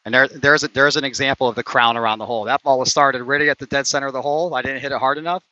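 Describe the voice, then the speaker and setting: Guy narrating his own mini golf round outside, bright edgy voice, kinda muffled lo-fi stream audio, gets worked up over missed putts. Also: medium pitch, steady tone, very fast, no echo. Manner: competitive, frustrated, swearing after bad shots. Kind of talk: casual play-by-play while playing. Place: outdoor mini golf course.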